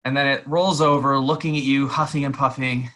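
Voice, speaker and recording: A man's voice: mid-range voice, little pitch movement, brisk, bright, forceful tone. A man narrating a tabletop game as game master, describing scenes in detail.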